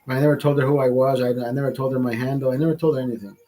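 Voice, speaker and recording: A man's voice: mid-range voice, steady tone, rapid-fire, mellow, rough recording. A man hosting a livestream, telling a story in a heated, profane rant. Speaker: livestream host. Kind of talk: ranting storytime monologue.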